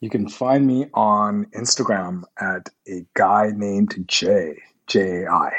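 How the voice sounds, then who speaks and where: Male podcast guest, low and husky, amused and chatty, slightly muffled sound. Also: takes it slowly, fairly bright tone. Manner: brief reactions, amused interjections. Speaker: podcast guest, creative director. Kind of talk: casual chat.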